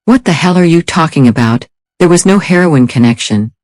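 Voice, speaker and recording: A man doing a gruff, foul-mouthed ex-soldier. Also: a little high, lively intonation, fairly quick, a little mellow, no room sound, studio quality, voice pushed up, close to an everyday voice. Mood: indignant. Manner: profane, blunt.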